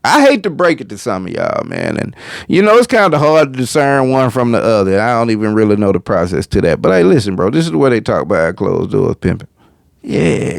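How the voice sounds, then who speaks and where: A man's voice: medium pitch, big pitch swings, brisk, creaky, no echo. A man hosting a reaction video, commenting casually on a clip in a slangy, profane way.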